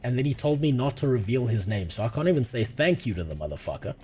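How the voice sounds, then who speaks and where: A man's voice: mid-range voice, expressive, quick pace, a little mellow. A man from South Africa with a South African accent, streaming and chatting casually with his chat, crude and sarcastic, often laughing. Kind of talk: casual livestream chat, reading chat.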